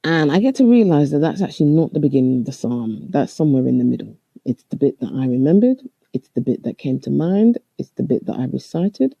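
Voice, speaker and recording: Man podcast host, gravelly voice, halting reflective storyteller. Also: mid-range voice, very animated, warm tone, no room sound, highs cut off. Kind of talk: storytelling monologue.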